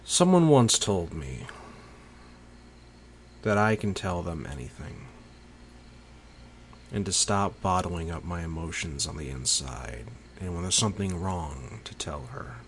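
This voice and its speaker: A man delivering a slow, pensive spoken monologue with long pauses. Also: sits low, sing-song, a little hiss or hum.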